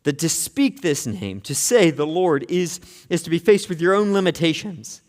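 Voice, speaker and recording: A man preaching a sermon as pastor, earnest, moving between hushed and intense delivery, often repeating words as he starts a phrase. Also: a little high, animated, moderate pace, long reverb tail. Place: church sanctuary.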